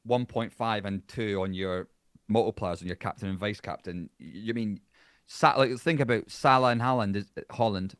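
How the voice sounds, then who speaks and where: A man with a Scottish accent chatting bluntly as a podcast guest, swearing freely and animated. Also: on the low side, normal speed, no room sound, studio quality. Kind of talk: casual chat.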